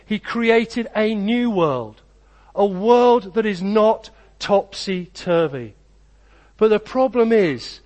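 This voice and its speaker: A male pastor with a notably high voice for a man, preaching in an earnest, rhythmic way. He leans on short repeated phrases and moves easily from reading a story to addressing the congregation.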